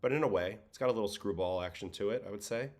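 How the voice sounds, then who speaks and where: A tired Brooklyn man with a faint New York-Boston accent and a lowish voice talks rapid-fire while hosting a casual livestream chat. The former pitcher is relaxed and conversational, reading viewer questions from chat aloud and answering them.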